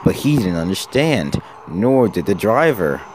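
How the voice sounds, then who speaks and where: A man narrating a children's story about engines in a brisk storytelling manner. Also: fairly low pitch, big pitch swings, a little mellow, a little hiss or hum. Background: music.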